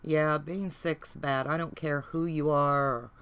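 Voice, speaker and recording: A woman's voice: low voice, steady tone, unhurried, a bit bright, smooth. A middle-aged woman with a Southern accent, chatting folksily to her livestream viewers while she works on a craft project. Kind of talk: casual chat while crafting.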